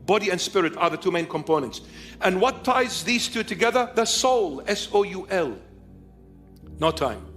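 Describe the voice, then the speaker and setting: A man preaching a sermon, emphatic and repetitive, swinging between loud stresses and hushed lines. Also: high voice, animated, moderate pace, faint music behind. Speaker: bishop preacher.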